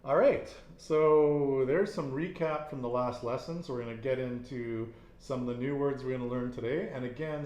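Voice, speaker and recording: A man's voice: medium pitch, a little mellow, echoey room. A man teaching a casual Spanish lesson, repeating each answer and praising it.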